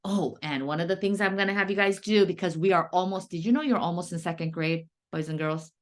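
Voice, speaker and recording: A woman's voice: on the low side, a little fast. A woman teaching a first grade writing lesson, patient and sing-song, stretching out key words for young children.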